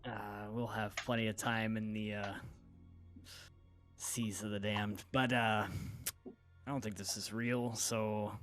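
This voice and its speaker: A man player describes his character's moves casually, with a slightly low voice and lots of hesitant fillers. He talks over an online voice call. Faint music plays behind him. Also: flat delivery, slow pace, fairly bright tone. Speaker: tabletop game player. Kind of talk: casual game chat. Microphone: online voice chat.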